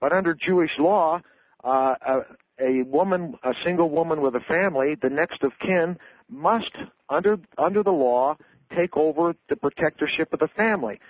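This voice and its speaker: A man's voice: a little high, normal speed, no room sound. A man, an author, explaining his views in a radio interview in an earnest, lecturing way, often restarting his sentences. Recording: dull, dry radio audio.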